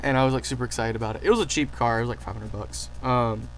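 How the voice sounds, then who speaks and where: A man casually telling stories to camera, excitable and rambling, with lots of fillers and restarts. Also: mid-range voice, fast talker, a little hiss or hum, rough recording. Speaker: channel host.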